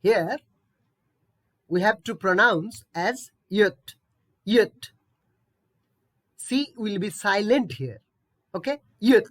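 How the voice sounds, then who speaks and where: A woman teaching English pronunciation, speaking slowly and with a lot of melody. She repeats every word patiently and keeps checking in with her learners. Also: mid-range voice, expressive, fairly bright tone. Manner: patient, repetitive, checks in with "okay?". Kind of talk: online pronunciation lesson.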